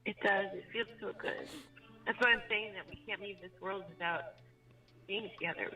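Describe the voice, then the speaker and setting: A woman's voice: medium pitch, moderate pace, bright, forceful tone. A woman speaking emotionally and pleadingly to her fiance on a jail phone call. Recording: muffled phone recording with faint music.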